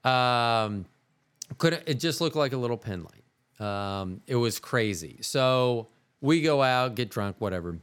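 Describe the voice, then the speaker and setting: Male host, mid-pitched voice, relaxed storytelling, a bit salty. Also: measured pace, clean tone. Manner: animated, profane, laid-back. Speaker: podcast host. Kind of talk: casual storytelling.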